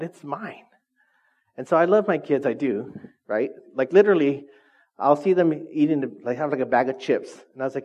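A man's voice: a little high, a little mellow. A male pastor preaching a sermon to his congregation in a casual, joking way, often asking them questions, in a dull, lo-fi recording. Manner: conversational, joking, constantly quizzes the congregation. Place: church, before a congregation.

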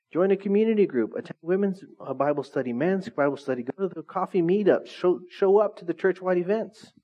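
A man with a fairly high voice gives a relaxed, chatty sermon in a small church. He jokes and talks straight to his congregation. The recording sounds dull and lo-fi. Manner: joking, conversational, addresses the congregation directly. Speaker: pastor. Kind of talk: casual sermon.

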